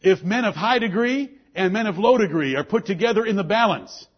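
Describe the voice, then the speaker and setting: A man preaching to his church with a husky, high-pitched voice that swoops up and down with great animation. He delivers his sermon emphatically and lends scripture a solemn, old-style ring. The recording sounds dull and lo-fi. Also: animated, brisk. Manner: emphatic preaching with King James scripture quotes. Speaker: pastor.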